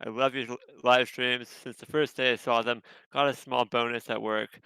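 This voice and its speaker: A man co-hosting a livestream, speaking calmly and plainly. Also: mid-range voice, moderate pace, gravelly, clear, resonant tone, no room sound, poor audio. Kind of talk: casual livestream chat.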